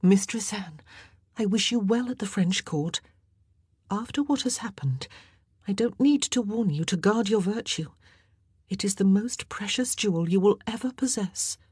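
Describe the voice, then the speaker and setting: A woman voicing a regal young queen who speaks in a brisk, commanding but kind way in an audiobook. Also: mid-range voice, expressive, a little mellow, slightly rough, dry recording, clean studio sound, voice pushed up.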